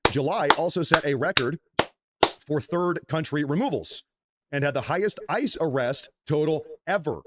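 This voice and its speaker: A man co-hosting a livestream, reading news items in a measured tone and addressing the audience as folks. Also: a little high, very noisy.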